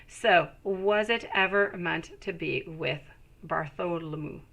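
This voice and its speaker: Bright, gravelly-voiced woman reading tarot. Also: lowish voice, slow. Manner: reassuring, calls viewers sweetie. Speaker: tarot reader. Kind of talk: live-stream tarot reading.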